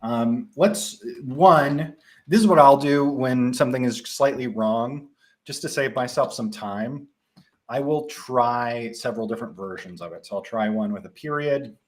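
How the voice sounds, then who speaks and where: Chatty Midwestern man demoing software. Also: medium pitch, a little slow. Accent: Midwestern American. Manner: relaxed, chatty, frequent ums and restarts. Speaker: software tutorial presenter. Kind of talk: casual live demo.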